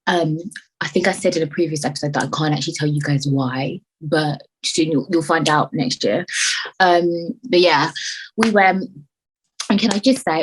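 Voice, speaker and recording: A woman's voice: low-pitched, slightly rough, rough recording. A young woman hosting a solo podcast, chatting animatedly, swearing freely and slipping in and out of put-on voices. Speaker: podcast host. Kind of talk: casual solo podcast chat.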